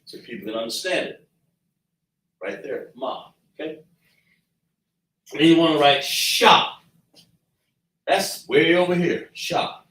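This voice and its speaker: A man teaching a slow lesson at a chart, patiently breaking down and repeating sounds as he writes them out. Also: a little high, animated, fairly bright tone, far from the mic. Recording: echoey room, voice from afar.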